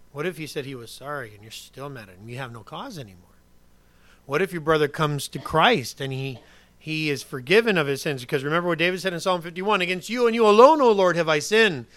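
Bright, dry-voiced preacher quizzing his congregation. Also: high-pitched, no room sound. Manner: conversational preaching, asks the congregation questions; swings from loud emphasis to quiet asides. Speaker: pastor. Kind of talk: sermon.

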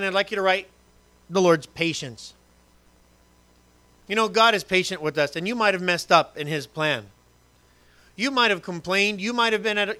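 A man preaching a sermon, reading scripture and acting out voices with humor and lively asides. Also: high voice, clean tone. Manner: animated, acts out quotes and asides with humor. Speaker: pastor.

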